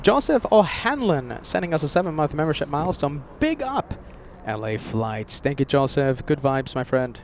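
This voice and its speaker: A man's voice: fairly high pitch, normal speed, hardly any pauses. An American man hosting a casual live stream outdoors at an airport, chatting and thanking viewers. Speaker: livestream host. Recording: faint outdoor traffic noise. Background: faint street and vehicle noise.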